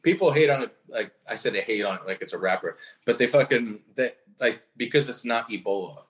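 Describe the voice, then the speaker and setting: A man's voice: mid-range voice, animated, brisk, a bit bright. A young man in casual, profane comedic chat, riffing on topics and acting out bits. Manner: profane, joking, acts out bits. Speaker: podcast co-host. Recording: dull lo-fi recording.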